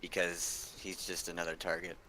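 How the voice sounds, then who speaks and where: A man's voice: deep voice, completely flat delivery, moderate pace, a little hiss or hum. A man playing a tabletop game, laying out his character's actions step by step. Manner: plans actions out loud, step by step. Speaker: player.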